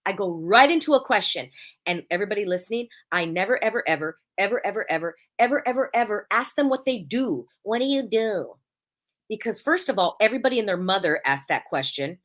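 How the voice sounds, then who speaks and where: A woman's voice: mid-range voice, animated, fast, fairly bright tone. A woman hosting a casual podcast chat, blunt and emphatic, acting out little quoted exchanges. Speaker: podcast host.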